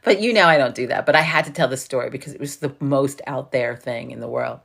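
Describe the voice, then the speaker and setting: A woman's voice: extremely low pitch, fast talker, gravelly, fairly bright tone. A woman from New York with a New York accent, hosting a casual livestream chat and telling a story full of swearing and laughter. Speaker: livestream host.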